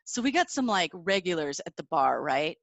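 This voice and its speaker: A middle-aged woman from the Seattle area, a guest musician, telling stories in a chatty, animated way and laughing often. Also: lowish voice, normal speed, no room sound. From Seattle area, USA. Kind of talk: casual interview storytelling.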